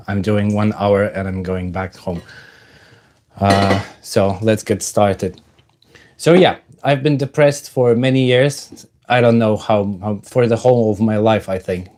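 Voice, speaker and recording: A man hosting a casual livestream, halting with many fillers while he greets viewers in the chat and talks about his own life. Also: fairly low pitch, darkish tone. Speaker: livestream host.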